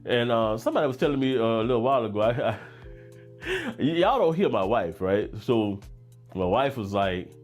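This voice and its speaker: A middle-aged man with a Louisiana drawl, relaxed and talkative, hosting a fragrance livestream at a medium pitch. His voice comes with faint music playing underneath. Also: moderate pace. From Baton Rouge, Louisiana. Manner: laid-back, chatty, reads chat comments aloud with frequent laughs. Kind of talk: casual livestream chat.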